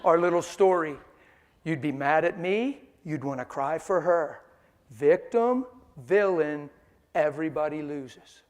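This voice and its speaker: A man preaching a sermon, telling a personal story with animated delivery and frequent laughter. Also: a little high, a little slow, in a large hall.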